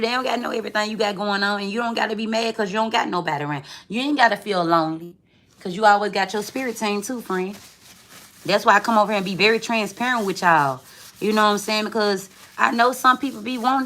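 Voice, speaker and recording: A woman's voice: medium pitch, a bit bright. A woman giving a tarot reading in casual, chatty talk, swearing freely and calling the viewer friend. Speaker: tarot reader.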